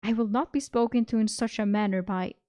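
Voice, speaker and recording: A woman's voice: a little high, fairly even intonation, a little fast, dark tone, dry recording, clean studio sound, lightly acted. A woman reading aloud, voicing a proud young nobleman who speaks formally and stiffly.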